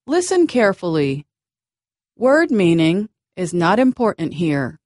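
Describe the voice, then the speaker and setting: A woman teaching English word stress in a slow, scripted lesson, pronouncing example words clearly and deliberately. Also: fairly low pitch, big pitch swings, a little mellow, no room sound, clean studio sound.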